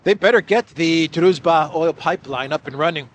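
A man's voice: a little high, normal speed, slight background noise. A man giving political news commentary in a mocking tone, laughing at the people he covers.

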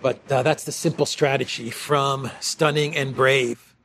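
A man's voice: mid-range voice, fairly even intonation, a little slow, a bit bright, slight background noise. A man hosting a casual commentary monologue, sarcastic, laughing often and restarting his phrases. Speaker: host.

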